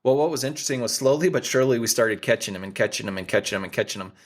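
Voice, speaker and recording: This American man in his forties, a hunting guide and outfitter guesting on a podcast, talks very fast at medium pitch. In casual conversation, he recounts a story animatedly, voicing each of its characters.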